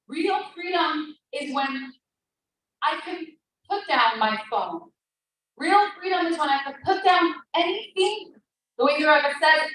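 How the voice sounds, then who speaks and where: A woman's voice: high-pitched, fairly bright tone. A woman giving an impassioned inspirational talk at an event, emphatic and fond of repeating phrases. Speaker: speaker at a women's event. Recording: echoey room, far from the mic, faint hiss.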